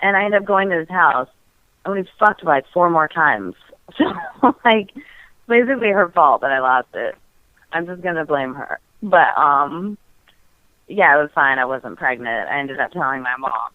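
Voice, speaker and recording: A woman's voice: low-pitched, lively intonation, moderate pace, no echo. A woman guest telling a personal story candidly and casually, giggling often and filling her talk with "like". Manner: giggly, frank, heavy use of "like" fillers. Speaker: podcast guest. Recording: tinny phone-like dry audio.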